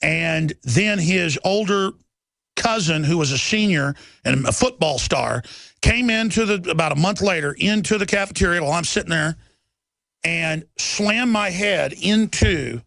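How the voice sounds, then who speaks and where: A man hosting a radio show, telling a rambling story on air, excitable and prone to shouting. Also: sits high, a little slow, dry recording. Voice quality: gravelly. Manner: excitable, bursts into shouts, then sheepish.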